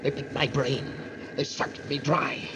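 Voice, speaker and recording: An actor playing a desperate possessed professor, pleading and frantic, in an old radio play. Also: male voice, fairly high pitch, flat delivery, a little slow, noisy background, lightly acted.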